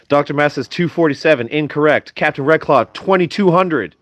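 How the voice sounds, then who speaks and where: A man's voice: a little high, brisk, few pauses, no echo, clean studio sound. A sleepy young man hosting a casual stream, reading chat in a playful, teasing way.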